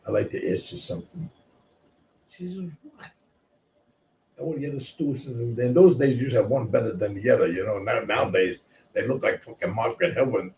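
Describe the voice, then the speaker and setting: A man telling stories casually, profane and animated, moving between shouting and murmuring. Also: medium pitch, vocal fry. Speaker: guest storyteller. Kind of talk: casual storytelling. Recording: distant mic with faint noise.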